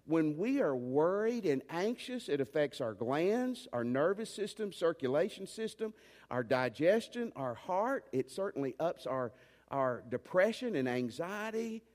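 A man's voice: a little high, big pitch swings, a little slow, a little mellow, big-room sound. A man preaching a sermon as pastor, emphatic, with folksy asides and urgent commands. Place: church.

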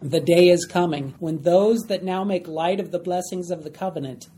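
Male Bible study teacher, mellow tone, light background hiss. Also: a little high. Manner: explains plainly, acts out voices.

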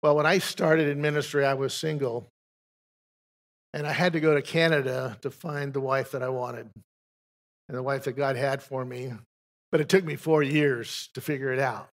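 An older pastor speaks from the pulpit in a gravelly voice with a touch of fry. He tells his story in a folksy, meandering way, often restarting his sentences. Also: medium pitch, steady tone, moderate pace. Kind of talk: testimony from the pulpit.

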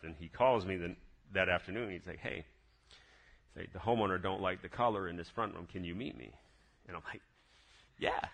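A man telling his personal faith testimony in a casual, lively way, full of excited restarts. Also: fairly low pitch. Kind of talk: casual spoken testimony storytelling.

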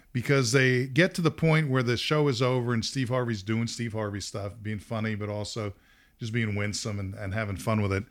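Middle-aged male podcast host, mid-pitched, lively storyteller who laughs a lot. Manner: animated, laughs often, acts out quotes. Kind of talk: casual storytelling.

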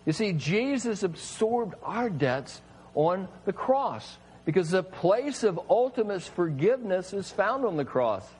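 A man's voice: sits high, very animated, measured pace, darkish tone, husky, poor audio. A man preaching a sermon, emphatic and full of rhetorical questions to his listeners.

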